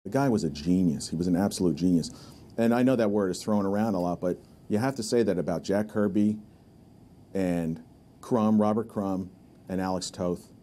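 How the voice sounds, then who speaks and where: A man recounting a personal story in a documentary interview, with halting restarts. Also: deep voice, warm tone, a little hiss or hum. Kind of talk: reflective storytelling.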